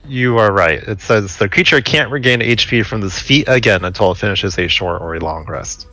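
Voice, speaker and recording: A man's voice: on the low side, moderate pace, pushed and bright, no room sound. A man playing a tabletop game, chatting eagerly about his character's moves. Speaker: player. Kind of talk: casual tabletop game chat.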